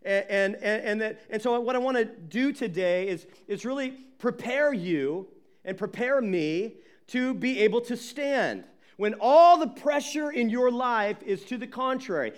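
A man preaching a sermon as pastor, emphatic and animated, often repeating words as he builds. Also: very high-pitched, unhurried.

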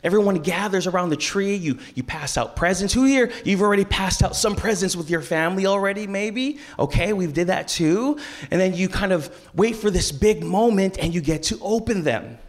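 A man in his thirties preaching a family church service, lively and playful, working the crowd with call-and-response. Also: sits high, moderate pace, few pauses. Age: 30s. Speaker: pastor. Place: large church auditorium.

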